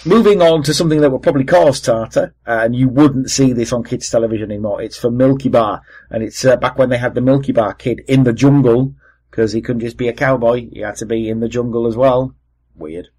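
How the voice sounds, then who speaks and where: A man's voice: medium pitch, mellow, rough recording. A man with a Welsh accent hosting a podcast, chatting casually with lots of fillers and asides. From Wales. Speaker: podcast host. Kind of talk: casual chat.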